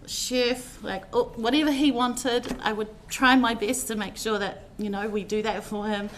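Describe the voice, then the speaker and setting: A woman's voice: fairly high pitch, steady tone, moderate pace, a little hiss or hum. A woman telling personal stories in a heartfelt, rambling eulogy, with many fillers as she speaks. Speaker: family member giving a tribute at a funeral service.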